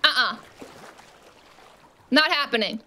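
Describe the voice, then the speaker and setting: A woman's voice: high voice, expressive, takes it slowly, pushed and bright, slight background noise. A woman livestreaming a game with viewers, chatting casually, scolding sassily and shrieking in mock terror. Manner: sassy scolding. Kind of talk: casual livestream gameplay chat.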